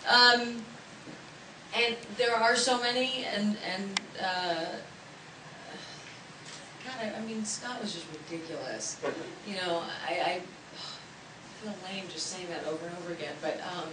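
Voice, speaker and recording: A woman in a panel talk, telling lively stories with many restarts, recorded from far off in an echoey convention hall. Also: mid-range voice, measured pace, noisy background. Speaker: actress on a panel. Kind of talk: panel anecdotes.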